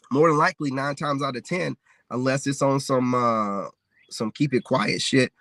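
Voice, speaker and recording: A livestreaming content creator from the United States rants candidly, rambling and sprinkling in "man" and "you know what I'm saying." His medium-pitched voice is a bit bright, recorded with studio quality and no room sound.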